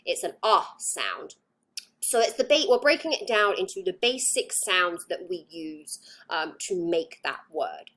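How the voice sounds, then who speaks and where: A woman's voice: fairly low pitch, moderate pace, fairly bright tone. A woman with an English accent, a psychology lecturer explaining patiently with frequent ums and worked examples. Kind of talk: recorded lecture.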